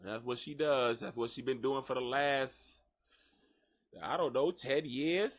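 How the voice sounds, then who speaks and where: A man hosting a live gossip show, joking and cursing in an animated, mocking way. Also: mid-range voice, unhurried. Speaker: host. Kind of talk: live gossip radio talk.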